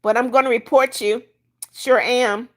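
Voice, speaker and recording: With a slightly high, fairly bright voice, this older woman speaks at a steady, measured pace. She's hosting a casual livestream, reading comments out loud and bluntly tossing out troublemakers.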